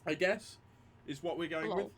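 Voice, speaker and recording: A man's voice: a little high, normal speed, heavy background noise. A man playing in a tabletop game, joking, laughing easily and repeating himself. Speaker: player. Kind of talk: casual tabletop game chat.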